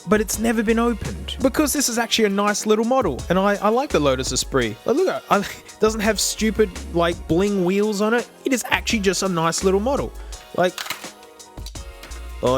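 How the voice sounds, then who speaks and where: An Australian man hosting his own channel, chatting casually in an excitable, slangy way and chuckling often. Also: sits high. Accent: South Australian. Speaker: tech channel host. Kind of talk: casual vlog talk to camera.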